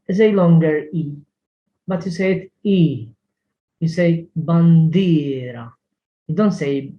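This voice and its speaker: A man's voice: a little high, highs cut off. A man teaching a language lesson, carefully repeating words to model pronunciation, often hesitating.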